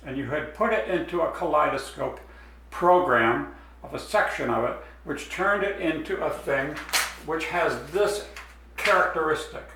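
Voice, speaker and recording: A man's voice: a little high, animated, gravelly, bright, forceful tone, distant mic, a little hiss or hum. Man teaching drawing in an echoey room. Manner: unhurried, explains step by step while drawing. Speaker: art teacher. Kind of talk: drawing demonstration.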